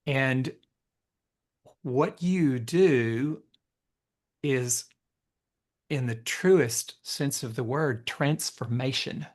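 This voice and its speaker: Expressive man hosting a podcast. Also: mid-range voice. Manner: expressive, storytelling, quick to laugh. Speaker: podcast host. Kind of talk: conversational interview.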